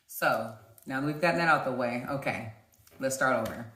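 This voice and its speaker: A woman vlogger telling a dating story in an animated way, talking straight to her viewers. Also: sits low, fast talker. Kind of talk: storytime vlog. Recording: roomy echo.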